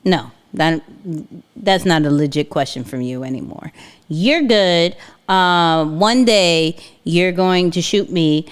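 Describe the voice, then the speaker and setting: A woman's voice: fairly low pitch, slow pace, clean tone. A woman co-hosting a casual live chat, answering viewer questions with rambling side notes. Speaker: co-host.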